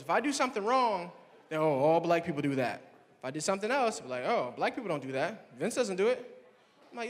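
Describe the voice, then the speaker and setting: A young man with a fairly high voice does stand-up, telling his stories with animated play-acting of the people in them. His voice rings out with a long reverb tail from a campus hall. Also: fast. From Swannanoa, North Carolina. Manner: animated storytelling, acting out friends in higher voices. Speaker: stand-up comedian. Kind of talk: stand-up comedy set.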